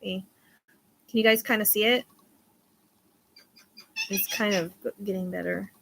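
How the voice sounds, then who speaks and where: A woman's voice: medium pitch, unhurried, creaky, fairly bright tone, no room sound. A woman in her thirties chatting casually on a livestream, rambling and swearing now and then. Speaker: livestream host.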